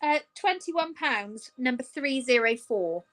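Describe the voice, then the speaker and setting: A British woman chatting and teasing while hosting a live crystal sale, slowing down to read out items. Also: high-pitched, expressive, fairly bright tone. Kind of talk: casual live-stream sales chat.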